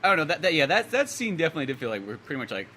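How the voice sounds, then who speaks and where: A man's voice: fairly high pitch, big pitch swings, very fast, bright, forceful tone, a little hiss or hum. A man co-hosting a podcast, giving casual opinions on a film and rambling, often trailing off and restarting. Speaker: podcast co-host. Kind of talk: casual movie review chat.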